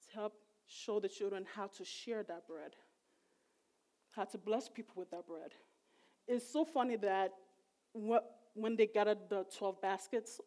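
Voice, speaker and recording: A woman's voice: medium pitch, a little mellow. A middle-aged woman giving a sermon in a conversational, emphatic way. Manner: conversational, emphatic, voice rising sharply when retelling emotional moments. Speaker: preacher.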